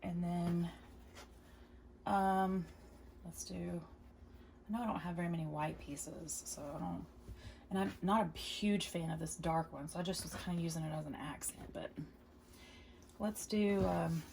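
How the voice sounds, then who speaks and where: A chatty woman talks through a quilting tutorial in a gravelly, creaky voice. She repeats each step and reassures the viewer as she goes. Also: fairly low pitch, steady tone, unhurried, pauses often, a little mellow, a little hiss or hum. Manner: reassuring and encouraging. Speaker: quilting video host.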